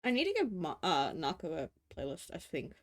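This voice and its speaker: A woman's voice: fairly low pitch, huge pitch swings, a little fast. A woman streaming live from home, chatting casually to her chat while she eats. She laughs often, swears now and then, and talks close to a desk mic. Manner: talking while eating.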